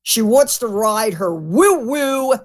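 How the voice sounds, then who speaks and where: Guesting on a podcast in a loose, casual interview, a woman talks slowly but bluntly and profanely. Her pitch leaps around expressively, and she animatedly mimics other people.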